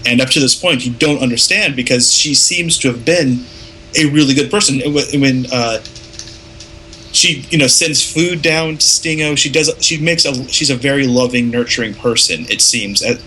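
Man, film chat co-host, bright and lively, acts out quotes; slight background hiss. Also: medium pitch, normal speed, rough recording. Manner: animated, acts out quoted lines. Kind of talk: casual film discussion.

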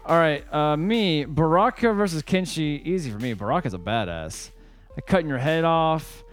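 A man with a slightly high, very animated voice leads a relaxed, joking podcast chat with friends. His humor runs crude and playful. Faint music sits underneath him. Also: normal speed. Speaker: podcast host. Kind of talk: casual chat.

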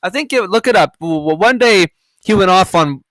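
A man's voice: high voice, animated, moderate pace, fairly bright tone, no echo. A man hosting a podcast, reacting to headlines in a rambling, profane, sarcastic rant. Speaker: podcast host. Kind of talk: casual news-reaction rant.

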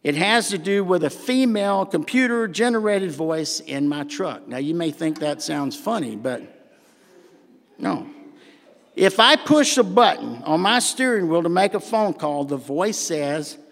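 An older man with a Southern accent preaching a sermon in a church, folksy and animated with humorous asides. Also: fairly high pitch, unhurried, gravelly. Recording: long hall reverb.

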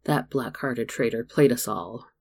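Quiet wry wizard guy, read by a man, gravelly, storybook. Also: mid-range voice, unhurried. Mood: bitter. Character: thoughtful, dry young wizard man.

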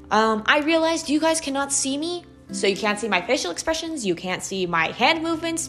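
A young woman with a Valley Girl accent, hosting a student podcast in an animated, chatty way, full of "like" and "okay". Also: mid-range voice. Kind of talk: casual solo podcast monologue.

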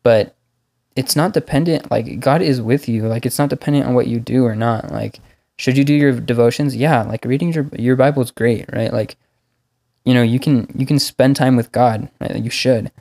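Speaking at a moderate pace with some vocal fry, a man with a mid-range voice discusses faith informally. His delivery is relaxed, packed with repeated "like" fillers.

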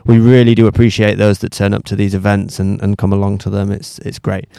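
Upbeat DJ tutor, smooth voice. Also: male voice, lowish voice, completely flat delivery, warm tone, no room sound, clean studio sound. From England. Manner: upbeat, enthusiastic, quick bursts. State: slightly croaky after a night out. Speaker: DJ tutor and co-host. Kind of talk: casual podcast chat.

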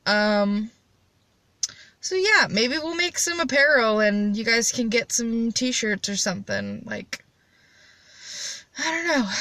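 A young woman hosting a casual solo chat, high and rambling with blunt, profane jokes. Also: sharp tone, no room sound. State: high on cannabis. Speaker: podcast host.

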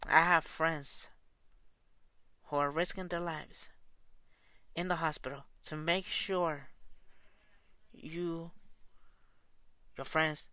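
A man's voice: a little high, steady tone, slow, long pauses, bright, forceful tone, smooth, dry recording. A man who coaches soccer, delivering an angry, profane and repetitive spoken rant.

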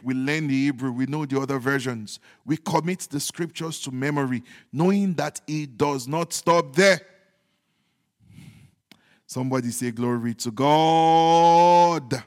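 A man preaching a sermon as pastor, repeating his points emphatically and moving between loud declarations and hushed, joking asides. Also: mid-range voice. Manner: humorous asides with chuckles. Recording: long hall reverb.

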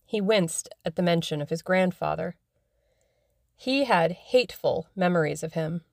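Low-voiced woman reading a classic novel. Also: a little slow, gravelly, a little mellow, no room sound, clean studio sound. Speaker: audiobook narrator. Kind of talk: scripted narration.

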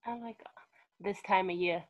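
A woman's voice: medium pitch, fairly even intonation, normal speed, lo-fi sound. A woman co-hosting a podcast in casual chat, teasing and swearing freely. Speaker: podcast co-host. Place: lives in New York City.

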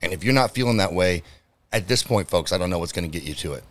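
A man with a slightly low voice hosts a solo podcast rant. He talks in a heated, emphatic way, full of swearing, and speaks straight to his listeners as if rallying them. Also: expressive, fast talker. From United States. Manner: direct address to listeners. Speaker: podcast host.

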